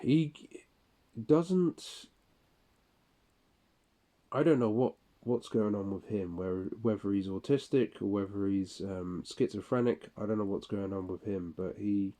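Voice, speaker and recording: Man, casual monologue, slow delivery, dark mellow tone, profane, rambling. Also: lowish voice. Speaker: audio log host.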